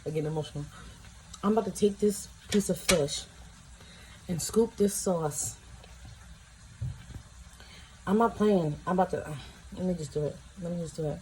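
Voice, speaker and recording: A woman's voice: on the low side, brisk, dark tone, a little hiss or hum, poor audio. A woman filming a casual food-tasting vlog at home, chatty and emotional, exclaiming over what she eats. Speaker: vlogger. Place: home, in pajamas.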